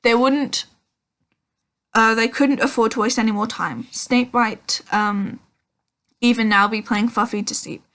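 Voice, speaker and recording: A woman's voice: fairly high pitch, unhurried, pauses often, fairly bright tone. A woman reading a children's novel aloud, with frequent ums and self-corrections. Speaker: audiobook reader.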